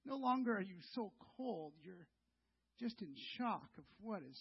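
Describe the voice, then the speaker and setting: Speaking a little slowly in a high, animated, husky voice, a middle-aged pastor tells a story as a conversational sermon and calls his listeners "you". The audio has a dull, lo-fi sound.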